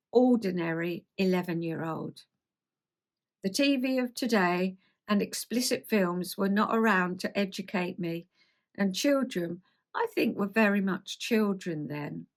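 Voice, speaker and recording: A woman's voice: mid-range voice, animated, unhurried. Older woman, 70s, London accent. Memoir read-aloud with rambling chatty asides, self-deprecating. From South East England. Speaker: host.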